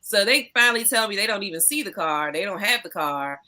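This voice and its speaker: A woman guest on a podcast, chatting casually and telling animated stories, swearing freely and laughing often. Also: medium pitch, a little fast. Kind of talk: casual chat.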